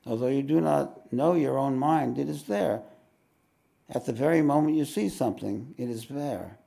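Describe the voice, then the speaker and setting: Gravelly New spiritual teacher. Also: male voice, medium pitch, normal speed, mellow. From New York. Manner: reflective, with wry joking asides. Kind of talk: live satsang talk with readings. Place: ashram meeting hall.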